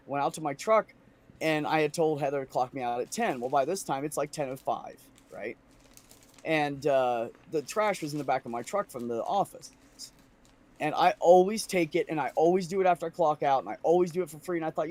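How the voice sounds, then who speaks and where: A man's voice: fairly high pitch, a little fast. A frustrated man in casual podcast chat, telling a story with lots of swearing and mimicking the voices of the people in it. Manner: venting, profane, animated storytelling.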